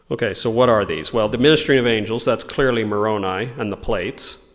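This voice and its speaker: A man's voice: mid-range voice, quick pace, big-room sound. A man giving an informal religious lesson, explaining ideas in a thoughtful way and reading quotations aloud. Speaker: religious teacher.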